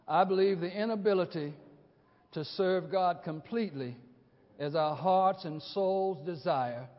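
An older man preaching a sermon, swinging from hushed low phrases to shouted peaks, repeating lines and asking the congregation questions. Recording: dull recording with long hall reverb.

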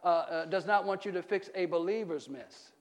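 High-voiced preaching pastor. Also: male voice, normal speed. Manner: call-and-response preaching, asks the congregation questions; swings between loud emphatic peaks and low quiet stretches. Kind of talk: sermon.

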